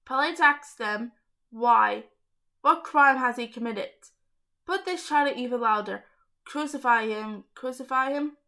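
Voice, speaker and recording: A woman's voice: a little high, a little slow, bright, forceful tone. A young woman reading a Bible story aloud, stumbling over hard names and adding chatty asides.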